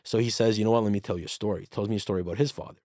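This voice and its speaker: Animated storytelling man, dry close sound. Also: on the low side, very fast, no echo. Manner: animated, swears freely, reenacts dialogue. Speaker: podcast guest. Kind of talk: casual storytelling conversation.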